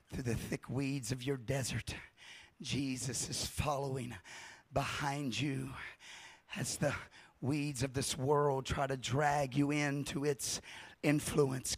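A man delivers a revival sermon to a congregation, passionately shouting repeated refrains before sinking into a hushed, intense tone. His voice is mid-range and slightly rough, with no room sound.

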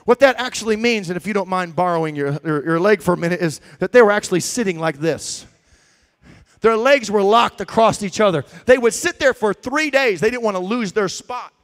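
A man preaching a sermon, telling stories with swings between shouts and quiet asides. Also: high-pitched, brisk. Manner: shouting, animated storytelling with swings from loud to quiet.

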